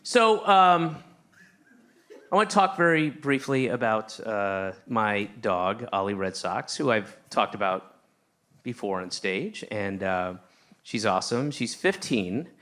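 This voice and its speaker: A man doing a stand-up routine, telling a rambling story with lots of restarts and sudden shouted outbursts. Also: fairly low pitch, lively intonation, slow. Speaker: stand-up comedian. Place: comedy stage with a live audience.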